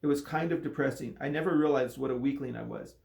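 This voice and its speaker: A man's voice: medium pitch, quick pace, creaky, echoey room. A man, a coach, reading a children's novel aloud with voiced dialogue. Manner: steady storytelling with voiced dialogue.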